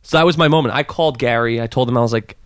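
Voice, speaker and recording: A man in his thirties, a podcast guest, telling a story in a fast, animated way with many restarts. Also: mid-range voice, no room sound. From Southern California. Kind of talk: casual storytelling.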